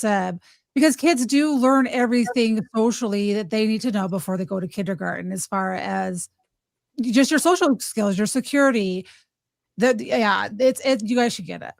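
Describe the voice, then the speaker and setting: A woman's voice: on the high side, a little fast, vocal fry, no echo. A woman guest speaking earnestly in casual chat, giving advice with rambling restarts. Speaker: podcast guest.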